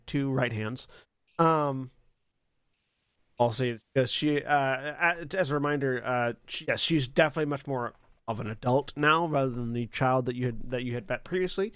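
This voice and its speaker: A man narrating a tabletop game as dungeon master, casual and halting with many fillers. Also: medium pitch, fairly bright tone, no echo, clean studio sound.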